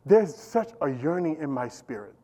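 A middle-aged man preaching a sermon as pastor, animated and repetitive, calling out to the congregation. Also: on the high side, normal speed, breathy edge. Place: church.

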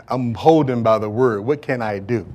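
A male pastor delivering a sermon to a congregation, joking and asking the listeners to fill in words, swinging between loud declarations and low asides. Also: moderate pace. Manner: call-and-response preaching, asks congregation to fill in words. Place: church service before a congregation.

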